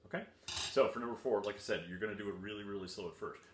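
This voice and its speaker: A man's voice: on the low side, racing, reverberant, heavy background noise. A man teaching percussion from home, patiently repeating instructions and counting beats aloud. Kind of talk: home video music lesson for children. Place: room at home. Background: faint drumming on a table and books.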